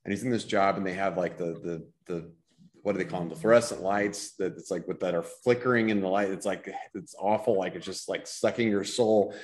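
A man in a casual panel discussion, telling an animated story and acting out the dialogue. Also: low-pitched, fairly quick.

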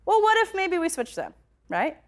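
A woman's voice: very high-pitched, wildly swooping pitch, normal speed. A young adult woman telling a personal story in a conversational way, full of filler words, growing passionate as she speaks. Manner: conversational, many filler likes, grows passionate.

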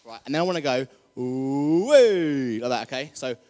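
A man's voice: medium pitch, very fast. A man preaching a casual, jokey sermon, chatty and rousing the congregation. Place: church hall. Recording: long hall reverb.

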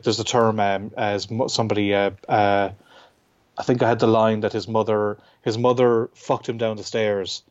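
An Irish man, a comic book writer, talking casually in an interview, full of restarts and fillers. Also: lowish voice. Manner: halting, many restarts and fillers. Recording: dull lo-fi sound.

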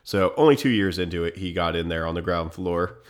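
A man's voice: low-pitched, a little fast. A man co-hosting a casual history podcast, reading out facts and then joking around. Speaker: podcast co-host.

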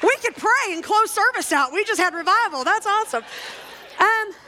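A woman's voice: very high voice, expressive, normal speed, bright, forceful tone. A woman in her forties giving a chatty, self-mocking talk to a church crowd, full of jokes. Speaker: church speaker. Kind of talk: humorous talk at a church service.

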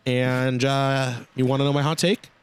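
A man's voice: mid-range voice, little pitch movement, normal speed, clean tone. A man co-hosting a casual sports chat, dry and sarcastic, often hesitating with fillers. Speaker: podcast co-host.

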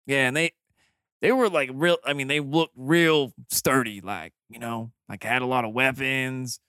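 A man with a gravelly voice running a tabletop game as game master, often slipping into an old villager. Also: medium pitch, unhurried, bright, forceful tone, no room sound, studio quality.

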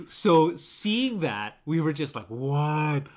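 A man's voice: fairly high pitch, big pitch swings, moderate pace, background noise. A man co-hosting a casual podcast chat, agreeable and chatty, laughing often. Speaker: podcast co-host.

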